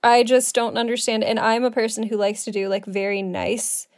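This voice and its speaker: A young woman co-hosting a podcast, chatting casually about beauty products she bought, self-deprecating and quick to laugh. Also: a little high, fairly even intonation, dry recording, clean studio sound. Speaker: podcast co-host. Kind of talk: casual chat reviewing products.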